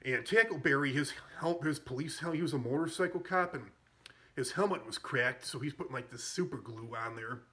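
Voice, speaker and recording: A man's voice: mid-range voice, brisk, pushed and bright. A man casually recapping a comedy film, rambling and amused, with frequent fillers and self-corrections. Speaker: movie reviewer.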